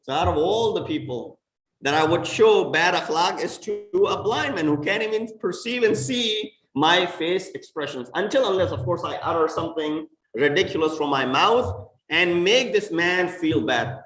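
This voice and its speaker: Emphatic preacher in an echoey mosque. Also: male voice, on the high side, lively intonation, normal speed, fairly bright tone. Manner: emphatic, rising and falling for stress. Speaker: imam. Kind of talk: sermon. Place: mosque hall. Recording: echoey mosque hall from far off.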